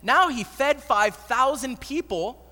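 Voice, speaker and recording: A man preaching a sermon in an animated, slangy storytelling manner, recorded in an echoey hall. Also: very high-pitched, takes it slowly. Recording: echoey hall with long reverb.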